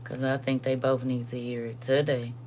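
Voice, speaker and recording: Low-voiced woman hosting a casual livestream. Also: little pitch movement, dark tone, slight background noise. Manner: reads verses slowly and deliberately; chatty, addresses viewers directly. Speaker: livestream host. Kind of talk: casual livestream chat with scripture reading.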